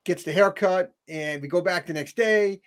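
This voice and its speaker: A middle-aged man telling a story in a casual interview, animated, acting out the people he quotes, with frequent restarts. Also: high-pitched, moderate pace.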